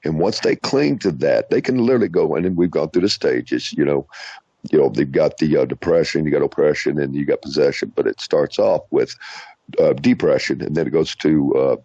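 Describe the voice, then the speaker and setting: Male radio host, low voice, slightly husky, animated storyteller, lo-fi dry recording. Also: no echo. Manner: animated, halting restarts, acts out quoted voices. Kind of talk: casual storytelling interview. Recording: dull lo-fi radio audio.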